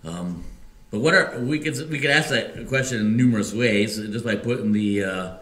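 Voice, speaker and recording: A Midwestern American man preaching a sermon as pastor, halting often with fillers and restarts. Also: lowish voice, fairly bright tone. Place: church sanctuary. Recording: echoey church room.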